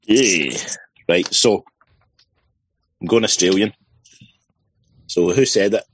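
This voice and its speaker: A man speaks bluntly and deadpan on a casual panel chat. His voice is very low and husky. The sound is close and dry. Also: takes it slowly, no echo, poor audio. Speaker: panelist running the quiz.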